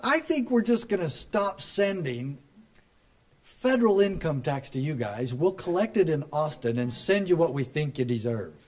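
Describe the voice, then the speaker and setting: A middle-aged man giving a rally speech, folksy and joking, building to loud emphatic punchlines. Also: on the high side, lively intonation, moderate pace. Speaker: speaker at a political rally. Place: rally crowd, live address.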